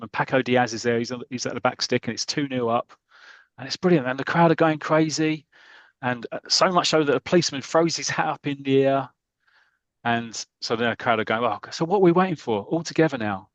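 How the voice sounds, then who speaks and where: Man, podcast host, casual storytelling, animated, restarts, dry close sound. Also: medium pitch, no echo, low-quality recording. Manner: animated, repeats and restarts, acts out the lines. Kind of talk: casual chat.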